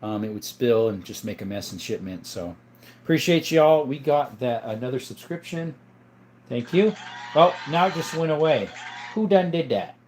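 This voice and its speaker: A man hosts a casual livestream and talks loosely to his viewers. He rambles, jokes and reads their chat messages aloud. His voice sits at an ordinary middle pitch for a man. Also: lively intonation, moderate pace, a little mellow, slight background noise. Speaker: livestream host.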